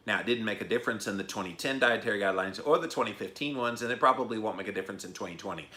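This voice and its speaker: A middle-aged man rants to his podcast listeners, his lowish voice carrying a bright, forceful edge. He punches key words loudly and then drops into hushed, almost whispered asides. The delivery is heated and conversational. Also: very fast, hardly any pauses. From United States. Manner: fired-up, swings from loud emphasis to hushed asides. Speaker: podcast host. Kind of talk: passionate rant to listeners.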